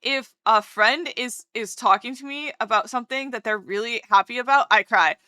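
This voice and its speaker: A woman's voice: fairly high pitch, normal speed, bright, forceful tone, no echo, studio quality. A woman streamer chatting casually while drawing, gushing and rambling as she interrupts herself.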